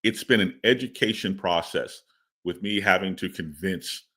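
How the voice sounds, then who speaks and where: A man's voice: low voice, moderate pace, bright, forceful tone, breathy edge. A man talking as a guest in a casual interview, rambling and stammering with repeated words and laughs. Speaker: comic book writer interviewed as guest.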